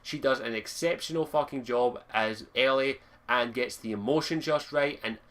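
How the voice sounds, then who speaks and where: A man's voice: mid-range voice, moderate pace, a bit bright. A young man giving a casual game review, enthusiastic, swearing freely and rambling a little as he talks. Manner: rambling with stumbles.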